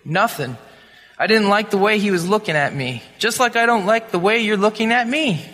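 A man's voice: sits high, moderate pace, bright, forceful tone, pitched above the performer's own voice. A man voicing a defiant young schoolboy who sneers at first and later begs, in a spoken sermon story. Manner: sneering and brash, later pleading. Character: defiant young schoolboy, cocky then tearful. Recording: long hall reverb.

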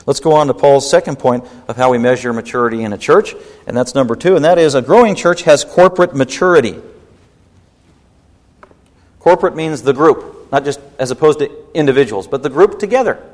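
A man preaching a sermon as pastor, emphatic and rising in pitch when stirred. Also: brisk, a little mellow. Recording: long hall reverb.

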